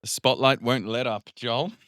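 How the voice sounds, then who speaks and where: A man's voice: medium pitch, fairly even intonation, normal speed, a bit bright, no echo, studio quality. A man co-hosting a podcast, chatting in a laid-back way and laughing often. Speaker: podcast co-host. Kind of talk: casual chat.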